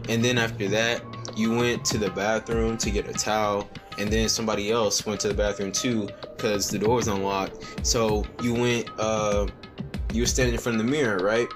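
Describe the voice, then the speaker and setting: A man's voice: lowish voice, flat delivery, normal speed, music in the background. A young man giving joking, slangy commentary while playing a text-message game, reading the messages aloud and breaking into mock singing. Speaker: gaming video creator. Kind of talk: casual gameplay commentary.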